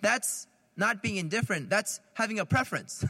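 A man's voice: sits high, expressive, normal speed, creaky, sharp tone, slightly rough, in a large hall. A man, a priest, giving a conversational sermon, asking the listeners questions and laughing lightly at his own jokes.

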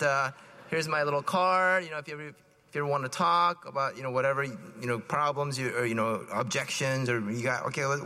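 A man's voice: a little high, sharp tone. A man, a priest, giving a conversational sermon full of anecdotes and acted-out quotes. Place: church. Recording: long reverb of a church.

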